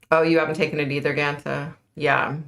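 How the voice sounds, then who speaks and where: A woman's voice: deep voice, fairly bright tone. A middle-aged woman hosting a casual livestream, chatting and answering viewer comments. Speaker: livestream host.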